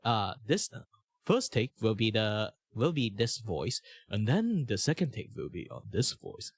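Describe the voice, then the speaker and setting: A young man from Malaysia talking casually on stream, with a lively pitch that rises and falls a lot. His speech flows on in long, rambling runs, full of fillers and self-corrections. He records on a good mic in a treated home room, so the sound is close and dead dry. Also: unhurried, husky, dry recording. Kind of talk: casual chat. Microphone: good studio mic.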